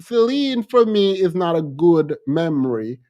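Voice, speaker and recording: This Jamaican man hosts a livestream, speaking with a Jamaican accent in a voice on the high side and a little slow. He chats casually and reads out comments in an animated, playful way, repeating himself and laughing often.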